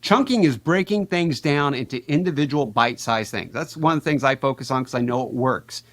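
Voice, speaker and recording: A man talking energetically as a podcast guest, fast and animated, with big swings in his voice. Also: medium pitch. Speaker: podcast guest, payments educator. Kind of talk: energetic conversational interview.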